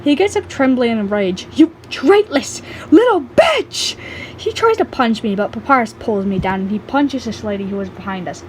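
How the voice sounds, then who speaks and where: A woman's voice: medium pitch, expressive, a little fast, few pauses, a little hiss or hum, rough recording. A woman casually reading aloud her own fan fiction story, chatty and offhand. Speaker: story reader.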